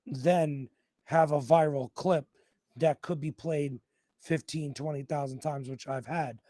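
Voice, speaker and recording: A man's voice: on the high side, fairly even intonation, unhurried, dark tone, no echo. New man telling rambling stories. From New York. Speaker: podcast host. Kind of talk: casual crude podcast banter.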